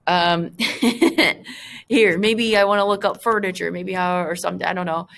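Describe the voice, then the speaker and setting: A woman's voice: on the low side, steady tone, unhurried, vocal fry, fairly bright tone. Chatty woman teacher with joking asides. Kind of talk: screen-recorded lesson.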